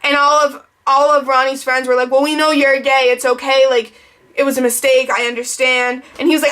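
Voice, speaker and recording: A woman's voice: sits high, level tone, normal speed, pushed and bright, clear, resonant tone. A young woman vlogger telling a long storytime in a casual, rambling way, full of "like". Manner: rambling, heavy use of "like".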